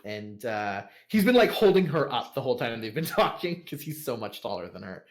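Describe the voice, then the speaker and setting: A man's voice: medium pitch, big pitch swings, fairly quick. Casual male game master. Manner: casual, with many fillers and laughs. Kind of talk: narrating a tabletop game.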